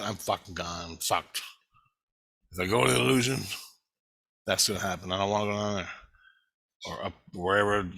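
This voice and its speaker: A man's voice: lowish voice, bright, forceful tone, rough recording. A man rambling agitatedly through a profane monologue, swearing constantly as he recounts his visions. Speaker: vlogger recounting spiritual visions.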